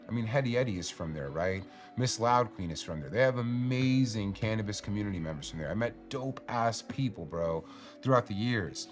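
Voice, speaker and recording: A man hosting a casual live stream, talking in loose, profane, rambling slang to his chat. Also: lowish voice. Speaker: cannabis stream host.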